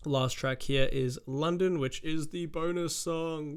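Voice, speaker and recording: A man's voice: mid-range voice, unhurried, creaky, clean tone. A man with an Australian accent giving casual music reaction commentary, rambling and swearing, with plenty of "like" and "um".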